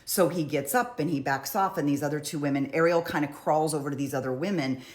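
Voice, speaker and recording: A woman's voice: low-pitched, fast talker. A woman casually recapping courtroom testimony in a chatty, conversational way. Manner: chatty, conversational, frequent "like" and "you know". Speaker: true crime commentator.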